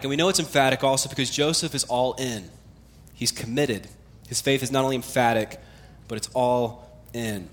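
A male pastor delivering a sermon, his voice sitting in an ordinary middle pitch. He talks to the congregation casually, with small fillers, and leans into key words with emphatic repetition. His phrases often sink lower and quieter as they close.

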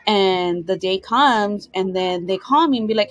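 A woman's voice: mid-range voice, unhurried, dry recording, rough recording. A young woman co-hosting a podcast from her bedroom at home, talking candidly with frequent swearing and laughter. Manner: candid, profane, laughs often. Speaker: podcast co-host. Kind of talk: casual podcast chat.

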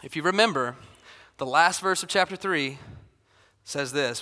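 A man in his thirties, a pastor, preaching a sermon in a casual, animated way. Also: a little high, moderate pace. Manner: casual and animated, acts out Bible figures. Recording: long hall reverb.

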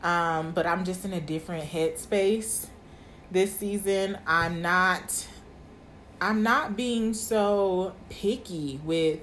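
A woman's voice: fairly low pitch, takes it slowly, a bit bright, a little hiss or hum. A woman in her twenties hosting her podcast, talking candidly and casually to her listeners. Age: 20s. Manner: candid, chatty, uses y'all. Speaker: podcast host. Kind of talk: casual monologue.

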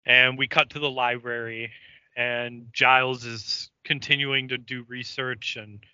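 Slow-talking bright-voiced man, casual podcast recap. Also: mid-range voice, fairly even intonation, clean tone, dry recording, lo-fi sound. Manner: rambling retelling with fillers and laughs. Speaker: podcast co-host recapping an episode. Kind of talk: casual chat.

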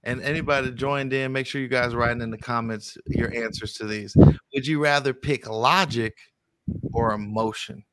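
A man's voice: medium pitch, normal speed, dry recording. Host man, dry close sound. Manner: relaxed, reads out questions. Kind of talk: casual podcast chat.

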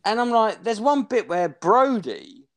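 A man's voice: high-pitched, unhurried. Rambling sweary man in his forties. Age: 40s. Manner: rambling, sweary, animated storytelling. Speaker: podcast co-host. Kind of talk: casual chat.

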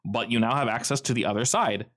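A man's voice: mid-range voice, fast, fairly bright tone. A man running a tabletop game as game master, narrating in a rambling, easygoing way full of fillers.

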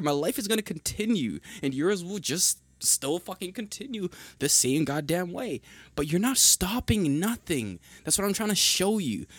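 A young man hosting a podcast, talking in a heated, emphatic monologue with a husky voice, repeating points and swearing often. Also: a little high, no room sound. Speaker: podcast host.

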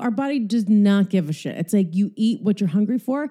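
Animated and a little fast, this woman's mellow, medium-pitched voice carries her casual solo podcast from a hotel room. She's chatty, profane, and self-mocking, and she sounds slightly winded.

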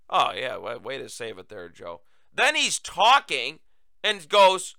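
A man's voice: high-pitched, wildly swooping pitch, a little slow, gravelly, pushed and bright, clean tone, no echo, clean studio sound. A male talk show host giving political commentary in a sarcastic, emphatic, mocking way.

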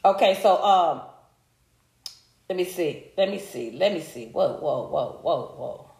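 A woman's voice: low voice, expressive, unhurried, gravelly, a little mellow. A woman, hosting a live stream and talking straight to her viewers in a heated, profane rant. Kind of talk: casual live-stream commentary. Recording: echoey room.

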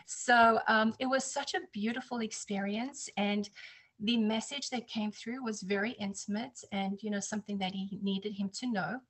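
A woman talks through a personal story in a casual interview chat. She is animated, often slipping into higher, louder voices when she quotes others. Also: moderate pace, slightly rough. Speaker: psychic reader, guest.

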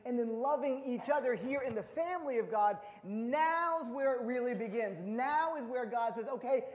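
A man preaching a sermon as pastor of a church, playful and animated, often repeating words as he restarts a thought. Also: extremely high pitch. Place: church sanctuary. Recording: long hall reverb.

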